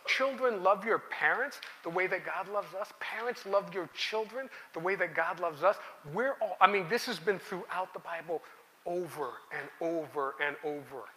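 Man pastor, middle-aged, folksy storytelling sermon, slightly high voice, repeats lines for emphasis. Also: moderate pace, bright, forceful tone, a little hiss or hum. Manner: conversational, anecdotal preaching with emphatic repetition. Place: church sanctuary. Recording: church hall with long reverb.

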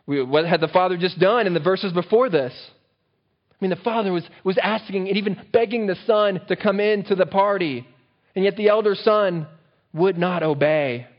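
A high-pitched male pastor preaches at a moderate pace, asking his listeners rhetorical questions throughout in an engaging manner. The audio is dull and lo-fi.

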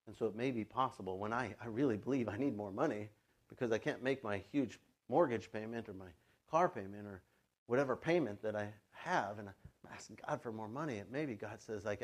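A male pastor preaching a sermon in a relaxed, conversational way, dropping into quick quoted asides. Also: on the low side. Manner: conversational, plays God and a child in quoted asides.

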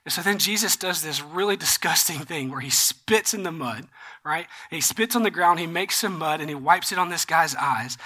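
A pastor preaching a sermon, retelling a Bible story in a casual, animated way with slangy asides. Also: medium pitch, normal speed.

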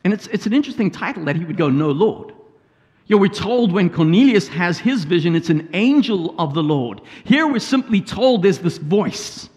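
High-voiced man preaching in an echoing hall. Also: animated, fairly quick, hardly any pauses, a little mellow. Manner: storytelling with paraphrased quotes and asides. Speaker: pastor. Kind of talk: sermon. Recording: hall reverb.

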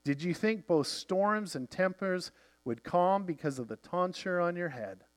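Measured male audiobook narrator. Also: high voice, lively intonation. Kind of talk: first-person novel narration.

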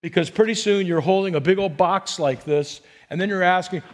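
A man preaching a sermon as pastor, animated, acting out people in quotes and rising to near-shouts. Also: sits high, brisk.

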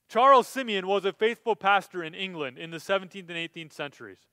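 A man's voice: high voice, brisk, pushed and bright, smooth, no room sound. A male pastor preaching a sermon in a conversational way, building to emphatic, impassioned stretches.

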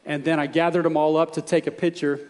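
A man's voice: on the high side, little pitch movement, quick pace, in a large hall. A man preaching a sermon, telling a story and asking the congregation earnest, emphatic questions. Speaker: pastor.

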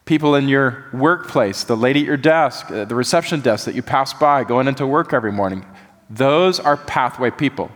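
Man preaching in a reverberant church. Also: mid-range voice. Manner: animated, folksy preaching, drops soft for emphasis. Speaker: pastor. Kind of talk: sermon. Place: church sanctuary. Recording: long reverb of a church hall.

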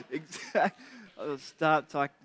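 A man's voice: on the high side, sharp tone. A man preaching a sermon in a chatty, joking way, laughing often between points. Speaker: pastor. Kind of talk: conversational sermon with humor.

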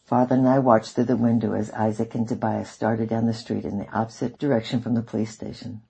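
A man reading a novel aloud in the first person, in a measured way. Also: fairly low pitch, little pitch movement, gravelly, slightly rough. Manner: measured, warm sign-off. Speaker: audiobook reader.

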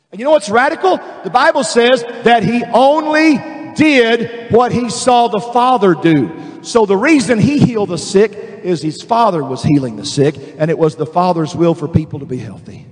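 A man preaching a fervent sermon, calling out to the congregation, repeating words and stretching key phrases slowly. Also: high voice. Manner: repeats words and restarts, drawn-out slow emphasis. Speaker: pastor. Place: large church sanctuary. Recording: long reverb of a large hall.

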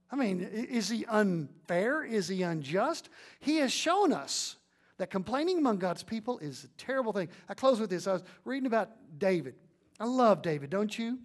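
A man delivers a sermon and closing prayer in a fairly high voice. He preaches emphatically, leaning on rhetorical questions to the congregation.

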